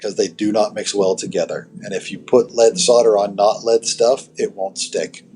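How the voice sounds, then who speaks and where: A man's voice: on the low side, steady tone, moderate pace, a little mellow. A man talking casually about building and repairing guitar gear, with lots of "you know" fillers and restarts. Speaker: amp builder guest. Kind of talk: casual technical podcast chat.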